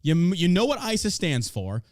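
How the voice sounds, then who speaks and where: A man from the United States hosting a podcast, ranting in a crude, mocking, animated way about politics. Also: high voice, normal speed, no echo, studio quality. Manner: animated, crude, mocking, puts on silly voices for others. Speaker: podcast host. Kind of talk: profane political podcast rant.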